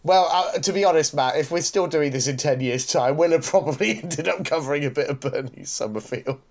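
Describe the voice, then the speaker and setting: A man's voice: fairly high pitch, brisk. A man co-hosting a podcast in casual chat, talking with frequent stumbling restarts and light chuckles. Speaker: podcast co-host.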